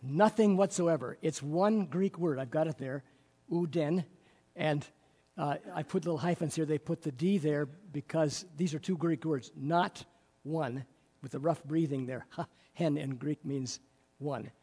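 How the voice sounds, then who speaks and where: A man with a slightly high, husky voice teaches a Bible class, working through word meanings with eager enthusiasm and plenty of fillers. His tone is mellow rather than bright. A long reverb trails behind every phrase. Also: unhurried. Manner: explanatory, enthusiastic, with frequent fillers. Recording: reverberant room.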